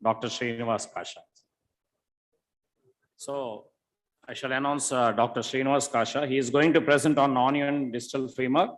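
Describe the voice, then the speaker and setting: A man's voice: medium pitch, fairly even intonation, moderate pace, pauses often, low-quality recording. A man, announcing speakers at a conference in a formal, courteous way. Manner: formal, courteous, repeats sir. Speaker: master of ceremonies. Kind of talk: stage announcements.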